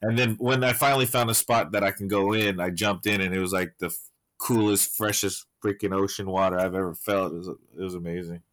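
Man, lowish voice, dry close sound, casual profane chat, rambling, lots of fillers. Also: flat delivery, brisk, a bit bright, no echo.

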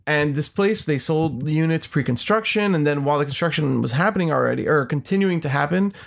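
A man's voice: fairly high pitch, a little fast, vocal fry. A man in his forties in casual chat, laid-back and talkative, checking in with "right?" as he tells a story. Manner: laid-back, chatty, says "dude" and "right?".

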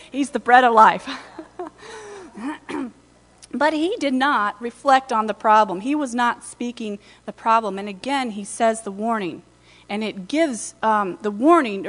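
A woman pastor giving a conversational sermon, retelling scripture with lively asides in a church. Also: fairly high pitch, long reverb tail.

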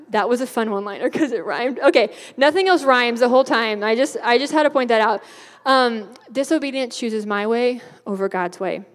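A young woman giving a youth sermon in a bubbly, chatty way, laughing often. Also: fairly high pitch. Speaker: youth speaker. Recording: hall reverb.

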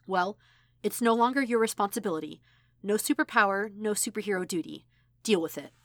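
A woman's voice: mid-range voice, animated, normal speed, dry recording, studio quality, natural voice. Woman playing a fierce protective aunt. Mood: scolding. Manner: sharp and scolding, softening to tender. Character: protective middle-aged aunt, fierce yet tender.

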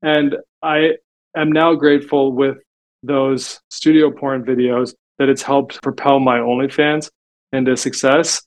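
A man's voice: medium pitch, flat delivery, measured pace. A man as a podcast guest, telling stories in a casual, chatty way and filling gaps with "like". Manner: chatty storytelling, frequent "like" fillers. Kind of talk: casual interview talk.

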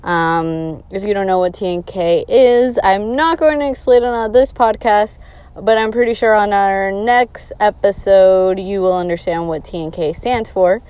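A chatty woman opens her podcast with an upbeat, rambling greeting. Her voice is smooth and resonant, recorded dry on a close mic with no room sound. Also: medium pitch, measured pace, a little mellow, dry recording. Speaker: podcast co-host. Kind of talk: casual solo podcast intro.

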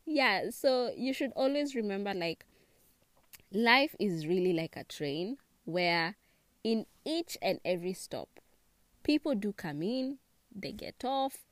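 A woman's voice: mid-range voice, slow pace, long pauses, no room sound. Chatty Kenyan young woman, dry sound. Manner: chatty and expressive, laughs often, mixes in Swahili words. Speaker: vlogger giving relationship advice. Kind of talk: casual chat to camera.

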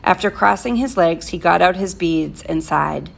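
A woman teacher reading a novel aloud to her class, with plain, steady storytelling. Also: lowish voice, moderate pace, gravelly.

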